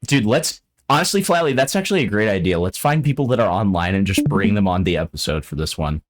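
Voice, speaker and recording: A man's voice: on the low side, expressive, fast. A drunk man hosting a podcast, rambling and joking crudely in casual chat. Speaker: podcast host.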